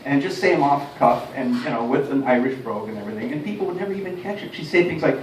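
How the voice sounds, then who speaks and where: A man's voice: medium pitch, animated, very fast, few pauses, slight background noise. Detroit-born male stand-up, chatty and self-deprecating, heard from afar with faint ambience. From Detroit, USA. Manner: chatty, self-deprecating, chuckling at own jokes. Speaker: stand-up comedian. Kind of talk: stand-up comedy routine. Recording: roomy, distant mic, faint ambience.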